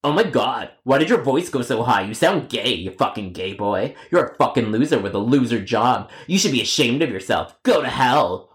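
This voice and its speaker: A man's voice: medium pitch, lively intonation, lightly acted. A man voicing a rude, whiny grown man customer who trades insults and drags out his complaints in a storytime cartoon. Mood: insulting. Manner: insulting, stubborn, drawn-out complaints.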